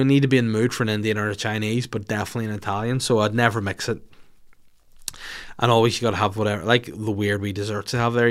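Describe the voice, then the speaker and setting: A man hosting a casual podcast, answering listener questions in a blunt, jokey, profane way. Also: on the low side. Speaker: podcast host.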